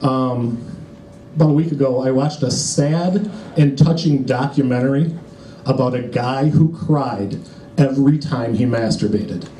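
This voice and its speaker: A male comedian with an ordinary mid-range voice who delivers his lines in a laid-back, deadpan way. The lounge echoes around him, and audience noise runs steadily underneath. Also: mid-range voice, a little slow. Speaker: stand-up comedian. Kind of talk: stand-up comedy set. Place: hotel lounge comedy stage.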